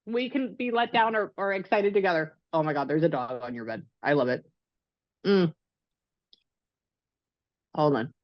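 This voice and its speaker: Woman, psychic medium, chatty, excitable, lower voice, dry dull call audio. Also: normal speed, pauses often, dry recording. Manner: chatty, excitable, rambling with fillers. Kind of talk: casual reading session over a call.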